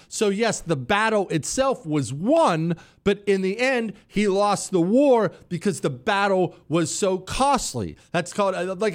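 A man hosting a talk show, explaining a topic with examples in an animated, teasing way. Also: sits high. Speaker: show host. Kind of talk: casual talk show monologue.

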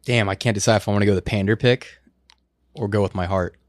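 A man co-hosting a podcast in casual chat, animated and swearing as he argues for his pick. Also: lowish voice, quick pace, no echo, clean studio sound. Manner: animated, swears while making his case. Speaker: podcast co-host.

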